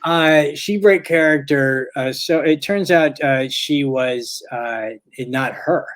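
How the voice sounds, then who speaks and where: A man's voice: a little high, slow pace. A man from St. Louis, a stand-up comedian guest on a podcast, tells a story in a rambling way, correcting himself and acting out the voices of the people he quotes.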